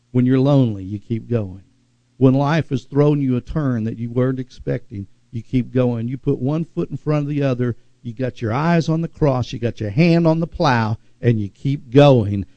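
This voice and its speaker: Man preaching, dark muffled voice. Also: medium pitch, no room sound. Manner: preacherly, dramatic pauses and drawn-out emphasis. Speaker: pastor. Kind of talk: sermon.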